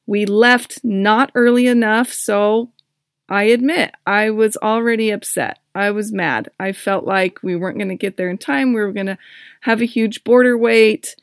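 A woman hosting a podcast, telling a personal story and giving self-help advice in a candid, expressive way. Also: mid-range voice, normal speed, no echo, clean studio sound. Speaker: podcast host.

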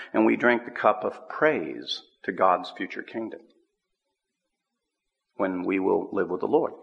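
A man preaching a sermon, teaching scripture with an emphatic, drawn-out cadence. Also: fairly low pitch, vocal fry, fairly bright tone. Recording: long hall reverb.

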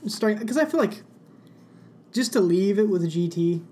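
A man's voice: high-pitched, expressive, normal speed, darkish tone, slight background noise. A man in a casual chat, laughing often as he explains things to his friends.

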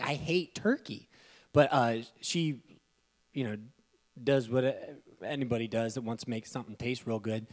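Excitable young man preaching from a stage. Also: mid-range voice, moderate pace. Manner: casual, emotional and excitable, with sudden loud bursts. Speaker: pastor. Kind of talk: sermon. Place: church stage.

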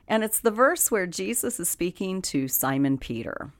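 Woman doing a devotional podcast, kinda low voice, earnest and upbeat, laughs a lot. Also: animated, normal speed, few pauses. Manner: earnest and encouraging, laughs often. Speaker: podcast host giving a devotional.

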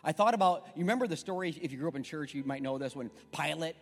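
A middle-aged pastor preaching in an emphatic, conversational, storytelling way, recorded in an echoey church with faint music. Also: male voice, fairly high pitch, expressive, fast talker. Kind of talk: sermon. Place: church sanctuary.

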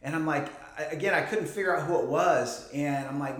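A man's voice: a little high, brisk. Chatty pastor in his forties. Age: 40s. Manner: conversational, joking asides, many fillers. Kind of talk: sermon. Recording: roomy echo.

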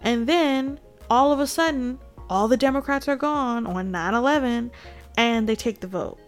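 A woman's voice: on the high side, moderate pace, faint music behind. A woman giving casual, indignant political commentary straight to her viewers. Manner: indignant, addresses viewers directly, laughs between points.

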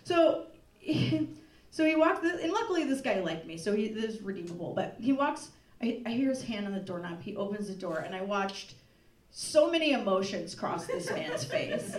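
A young woman telling a laughing, animated confessional story on a live comedy stage. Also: medium pitch, brisk. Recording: echoey room from far off, loud crowd.

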